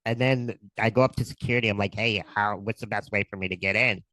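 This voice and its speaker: Deep-voiced man telling a story excitedly. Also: quick pace, low-quality recording. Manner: excited, animated retelling with quoted dialogue. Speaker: guest. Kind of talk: casual storytelling.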